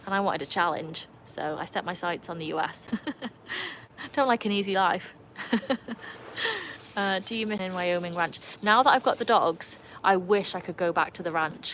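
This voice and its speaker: A woman's voice: lowish voice, a bit bright, a little hiss or hum, rough recording. A woman with a mixed Birmingham and North Wales accent, chatting casually on a livestream and greeting viewers by name. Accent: mixed Birmingham and North Wales English. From England and North Wales. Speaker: livestream host. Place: home with a pool.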